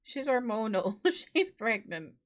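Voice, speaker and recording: A woman's voice: a little high, sing-song, slow pace, soft background music. A young woman hosting a reaction video, chatting casually and from the heart with lots of "like" fillers.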